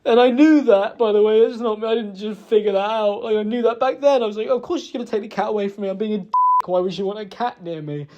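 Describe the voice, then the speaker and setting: Remorseful man, halting speech. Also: high voice, darkish tone. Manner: halting, remorseful, many pauses and restarts. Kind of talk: emotional private apology recording. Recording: dull lo-fi recording.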